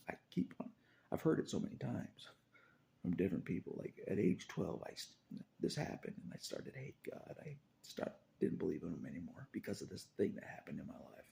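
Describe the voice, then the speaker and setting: A very low, gravelly man's voice, dark in tone, rising and falling widely as he talks. He rambles through a confessional monologue, circling back to the same phrases and chuckling softly between thoughts. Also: a little hiss or hum.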